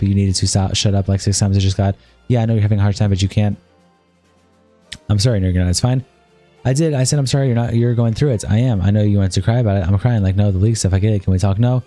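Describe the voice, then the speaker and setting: A man streaming live, reading a long chat argument aloud in a rapid, flat read-through. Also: on the low side.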